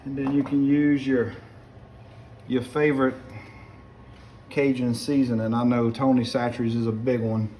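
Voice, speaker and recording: A man's voice: medium pitch, flat delivery, unhurried, pauses often, dark tone, slight background noise. A middle-aged man with a South Louisiana accent, chatting folksily to viewers while he cooks in his home kitchen. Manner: folksy and chatty, keeps addressing viewers as guys. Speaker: home cook. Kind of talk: casual cooking demonstration. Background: pots and utensils clinking.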